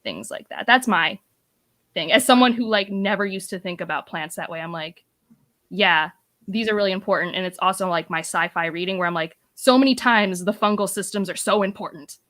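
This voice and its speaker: A woman's voice: mid-range voice, animated, brisk, a bit bright. A woman in a book club discussion on a video call, talking casually and thoughtfully, with many "like"s. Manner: thoughtful, uses "like" a lot. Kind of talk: casual chat.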